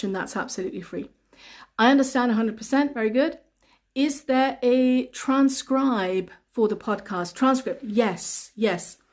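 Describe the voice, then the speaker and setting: Fairly high-pitched and slightly mellow, a female English teacher reads viewers' comments aloud on a live stream and responds to their questions with patient, repetitive explanations.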